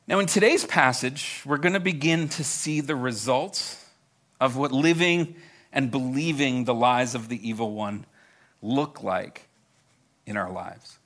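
A man's voice: mid-range voice, a little slow, a bit bright. A man preaching a sermon to a live congregation. He talks in a conversational way, speaks to them directly and often repeats words as he starts a thought. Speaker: pastor.

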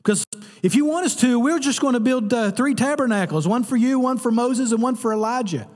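A man's voice: high-pitched, measured pace, a little mellow, big-room sound, pitched above the performer's own voice. A man voicing an eager, impulsive disciple who blurts out his ideas. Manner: blurting, brash.

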